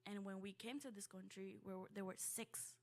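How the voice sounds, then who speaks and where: A woman's voice: medium pitch, steady tone. Young woman telling a heartfelt personal story. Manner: halting, heartfelt, with many fillers and restarts.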